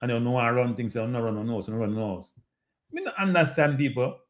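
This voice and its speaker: A man's voice: mid-range voice, fast talker. A man with a Jamaican accent hosting a live show, talking casually and animatedly to his audience and often repeating himself. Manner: animated, repetitive, addresses audience as people. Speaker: show host. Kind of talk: casual live-stream commentary.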